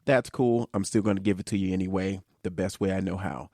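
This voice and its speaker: A man hosting a podcast, his voice nasal and congested from a cold. He sits fairly low in pitch and speaks in a loose, easygoing way, with fillers scattered through his talk. The sound is dry and close, with no room around it. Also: steady tone, fairly quick, dark tone, no room sound. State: congested, under the weather. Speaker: podcast host. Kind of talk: casual podcast chat.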